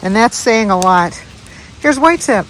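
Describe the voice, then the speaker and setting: A wildlife vlogger chats casually in her backyard, rambling and calling the chipmunks and squirrels by name. Her voice is a little high, animated and unhurried, and the outdoor audio is poor with clear background noise.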